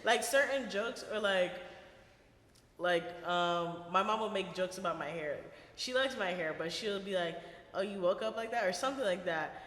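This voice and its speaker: A young woman co-hosting a casual podcast chat, animated and laughing as she tells stories. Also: fairly low pitch, moderate pace. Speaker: podcast co-host. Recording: echoey room with long reverb.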